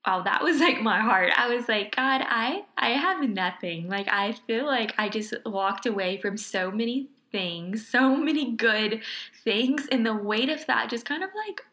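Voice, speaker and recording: A woman's voice: fairly high pitch, a little slow, fairly bright tone. A young woman telling a personal faith testimony in casual conversation, earnest and emotional, with frequent laughs and many "like"s. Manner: earnest, emotional, laughs often, uses "like" a lot. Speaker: guest.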